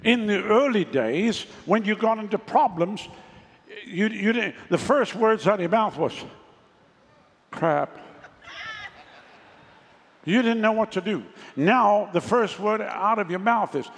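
Male pastor, high gravelly voice, emphatic sermon delivery, lingering hall echo. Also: animated, normal speed. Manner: emphatic preaching, asks the congregation for responses. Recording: long reverb of a large hall.

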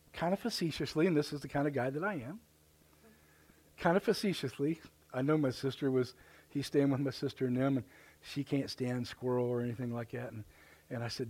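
A middle-aged man preaching a live church sermon in a folksy, halting way, with many restarts and repeated words. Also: mid-range voice, a little mellow, husky. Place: church sanctuary.

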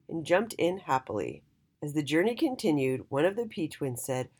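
A woman reading a children's storybook aloud in an expressive, sing-song way. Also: low voice, normal speed, breathy edge.

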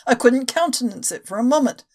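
Woman reading male country doctor, blunt, impatient, reassuring, high, very lively pitch. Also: brisk. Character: brusque middle-aged male country doctor.

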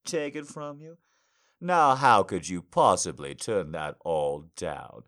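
Slow low-voiced man murmuring commands. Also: lively intonation, fairly bright tone. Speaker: audio roleplay narrator. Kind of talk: intimate roleplay monologue to the listener.

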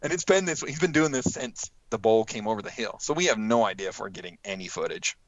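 Male storyteller, casual and animated, slightly muffled recording. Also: lowish voice, fast talker, no room sound. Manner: animated, acts out quotes with laughs. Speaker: guest telling a hunting story.

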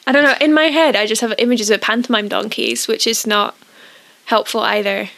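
Gentle, thoughtful woman co-host. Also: a little high, fairly even intonation, fairly quick, creaky. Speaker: podcast co-host. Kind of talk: casual chat with read-aloud hymn verses.

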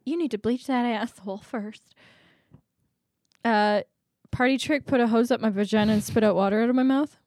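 A woman's voice: fairly high pitch, moderate pace, pauses often, a little mellow, dry recording, clean studio sound. A young woman co-hosting a casual podcast chat, laughing often between her lines. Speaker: podcast co-host.

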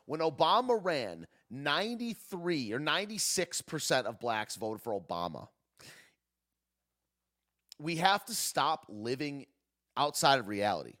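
A man's voice: on the high side, big pitch swings, a little slow, fairly bright tone. A man hosting a live stream, ranting casually in a sarcastic, wry way and talking to his chat. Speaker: livestream host.

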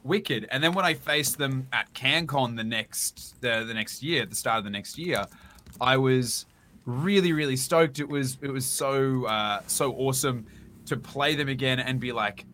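A man, a podcast guest telling self-mocking, animated stories. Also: medium pitch, normal speed, a little hiss or hum. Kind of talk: casual chat.

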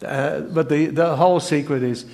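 An older man preaching a sermon, reading scripture in an earnest, halting way with many fillers and restarts. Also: on the high side, steady tone, vocal fry, darkish tone.

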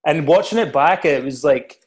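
A Scottish man, a former footballer, chatting casually and telling animated stories with laughs. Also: fairly high pitch, normal speed. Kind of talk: casual podcast chat.

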